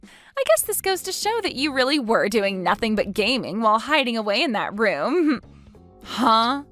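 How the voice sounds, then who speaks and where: A woman doing a shrill, stammering sister-in-law. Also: sing-song, normal speed, fairly bright tone, faint music behind. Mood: scornful. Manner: stammering, indignant.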